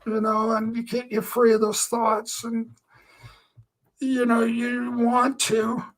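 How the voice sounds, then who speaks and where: A Christian man gives an earnest personal testimony in a very high-pitched, monotone voice that is a bit bright. He takes it slowly, meandering through his story with lots of filler phrases, and the recording is rough.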